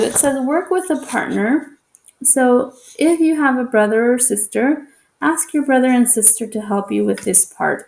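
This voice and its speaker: Woman, elementary teacher, gently repetitive instructions for kids; slightly raised pitch with gravelly fry. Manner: patient, repeats instructions slowly and encouragingly. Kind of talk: explaining a homework assignment to young children.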